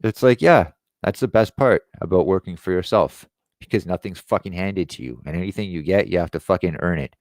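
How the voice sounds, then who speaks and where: Low-voiced sarcastic ranting man. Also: brisk, darkish tone, dry recording, clean studio sound. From Quebec. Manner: sarcastic, profane. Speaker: online show host. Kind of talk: ranting commentary.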